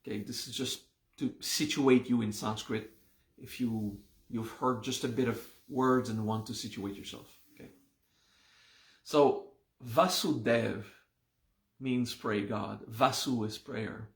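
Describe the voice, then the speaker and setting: A man's voice: mid-range voice, steady tone, reverberant. A man teaching a live online class, patiently explaining word meanings and checking in often with the listeners. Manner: slow, patient explaining with frequent "okay?" checks. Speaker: meditation and mantra teacher.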